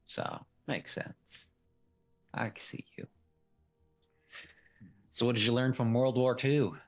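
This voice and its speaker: A man's voice: mid-range voice, lively intonation, slow, long pauses, lo-fi sound, faint music behind. A man running a tabletop role-play as game master, talking in a loose, rambling way and laughing often.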